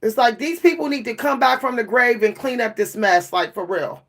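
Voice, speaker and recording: Weary woman venting with a gravelly fry. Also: on the high side, normal speed, fairly bright tone. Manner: weary, repetitive, stumbling over words. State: worn out. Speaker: vlogger. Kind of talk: emotional venting monologue.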